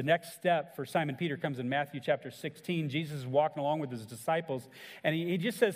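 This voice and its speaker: Preaching man in a reverberant hall. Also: brisk. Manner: earnest preaching, acts out quoted lines with shifts in pitch and volume. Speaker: pastor. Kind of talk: sermon.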